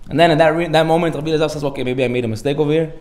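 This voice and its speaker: A man giving a sermon as a rabbi, animated, acting out the voices in his stories. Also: a little high, racing, echoey room. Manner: animated storytelling, acts out dialogue.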